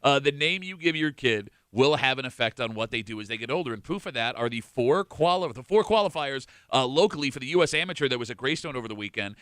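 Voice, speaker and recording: A male radio host. His voice is bright and lively, swinging up and down as he jokes. The sound is dry and close to the mic. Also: mid-range voice, dry recording. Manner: animated, joking, quick to laugh. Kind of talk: casual radio banter.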